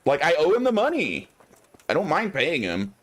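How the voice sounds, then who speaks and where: A man's voice: on the high side, wildly swooping pitch, moderate pace, a bit bright, slight background noise. A man streaming a video game, giving casual commentary and chatting aloud to his viewers. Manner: chatty, musing aloud to chat.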